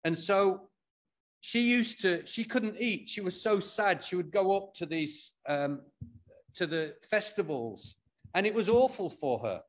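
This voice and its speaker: A man's voice: high voice, expressive, a little slow. A man with an English accent preaching a sermon as pastor, retelling a Bible story expressively and with humour. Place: church.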